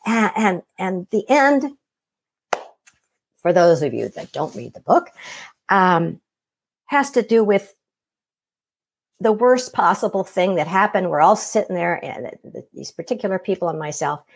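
A woman's voice: fairly low pitch, animated, unhurried, vocal fry, long pauses, slightly rough. A middle-aged woman casually telling her own story, acting out the voices of the people in it. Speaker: guest telling her near-death experience.

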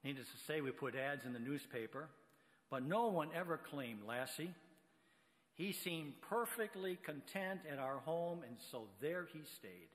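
A man, a guest preacher, telling a story in an unhurried sermon delivery. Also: a little high, expressive. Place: church sanctuary with long reverb. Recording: reverberant church hall.

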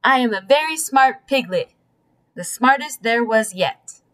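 A woman voicing a tiny, cheeky, cheerful female piglet in a squeaky voice for a read-aloud storybook. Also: expressive, measured pace. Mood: proud. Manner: squeaky and bright.

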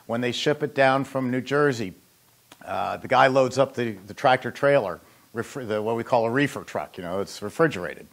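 A man's voice: medium pitch, normal speed, gravelly. A man hosting a how-to show and talking casually about his trade, rambling through anecdotes with joking asides. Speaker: host and ice machine maker. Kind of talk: casual instructional talk.

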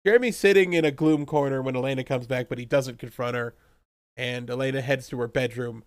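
A young man recapping a TV episode in casual chat, animated and laughing often as he acts out characters in quick voices. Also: mid-range voice, smooth, no room sound, studio quality. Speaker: podcast co-host recapping a TV episode.

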